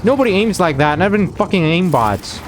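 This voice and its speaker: Over background noise, a gaming streamer with a high-pitched, very animated voice comments on his gameplay at a fairly quick clip. He swears constantly and turns sarcastic as his frustration keeps mounting.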